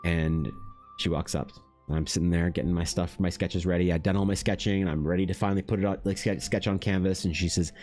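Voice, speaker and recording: Deep-voiced Canadian man telling a story. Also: fast, faint music behind. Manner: animated, swears casually, many restarts and fillers. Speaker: artist streamer. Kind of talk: casual storytelling on a livestream.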